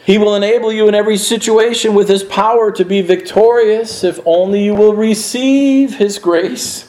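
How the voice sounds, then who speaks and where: A man preaching a sermon in an earnest, emphatic way, swinging his pitch and pace to stress his points. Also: normal speed, darkish tone, roomy sound, low-quality recording.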